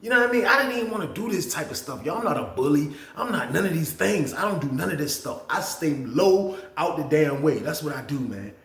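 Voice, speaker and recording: A man hosting a casual storytime, animated and profane, talking straight to his viewers. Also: fairly high pitch, a little fast, hardly any pauses, reverberant. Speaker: storytelling channel host. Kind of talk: casual storytime about prison.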